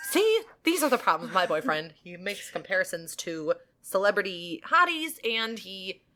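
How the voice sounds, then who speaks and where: A woman's voice: mid-range voice, very animated, moderate pace, pushed and bright. A woman co-hosting a podcast, telling a story in casual chat and laughing often. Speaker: podcast co-host.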